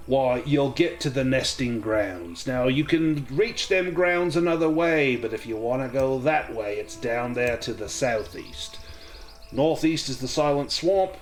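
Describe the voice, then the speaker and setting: A man's voice: mid-range voice, voice pushed up, lightly acted. A man voicing a folksy male guide with a put-on Australian accent and rustic phrasing.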